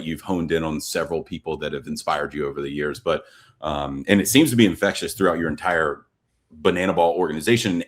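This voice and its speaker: A man hosting a podcast, asking questions in an easygoing, encouraging way. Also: very deep voice. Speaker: podcast host. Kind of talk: conversational podcast interview.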